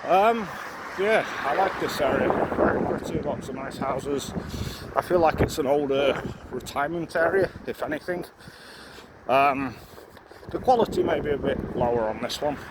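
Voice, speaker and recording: A man's voice: a little high, normal speed. A young man walking outdoors and talking to his camera in a rambling casual vlog, slightly out of breath, with many fillers and restarts. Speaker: vlogger. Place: outdoors on a residential street. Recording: outdoor street noise, passing cars.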